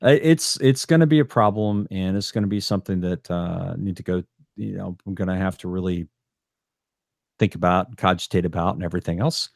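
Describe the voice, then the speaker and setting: A man with a fairly low voice co-hosts a casual podcast. He talks bluntly and rambles, tripping over his own restarts. His voice sits close and dry on a studio podcast mic. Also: a little fast, vocal fry, no room sound. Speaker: podcast co-host.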